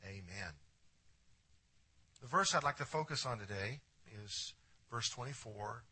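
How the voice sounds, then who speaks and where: A man preaching a sermon as pastor, swinging from hushed lines to emphatic ones and putting questions straight to his congregation. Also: mid-range voice, lively intonation, unhurried, slightly rough. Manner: addresses the congregation directly with questions.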